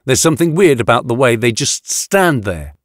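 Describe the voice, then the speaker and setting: A man's voice: mid-range voice, big pitch swings, moderate pace, no room sound. A male audiobook narrator voicing a wary, practical man with a dry, understated delivery.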